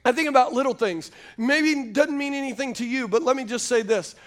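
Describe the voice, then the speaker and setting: A man's voice: extremely high pitch, brisk, a bit bright. A man preaching a sermon, telling folksy stories and calling out to the congregation. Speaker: pastor.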